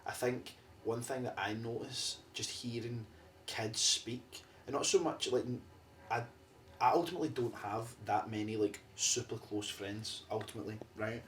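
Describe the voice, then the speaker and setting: A young Scottish man hosting a podcast, talking in a rambling, animated way. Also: medium pitch, moderate pace, recorded from a distance. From Scotland. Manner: animated, rambling, mimics voices. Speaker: podcast host. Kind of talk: casual podcast conversation.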